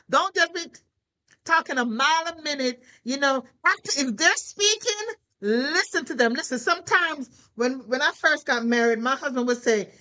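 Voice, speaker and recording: A woman minister preaching to her listeners with lively exhortation and rhetorical questions. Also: high-pitched, normal speed, rough recording. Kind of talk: preaching to a prayer call.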